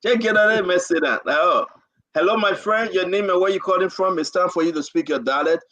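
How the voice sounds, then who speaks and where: Male host, fairly high voice, lively and pleading, keeps callers in line. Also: brisk. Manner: animated, pleading asides, directs callers. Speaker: talk show host and moderator. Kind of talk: online call-in talk show.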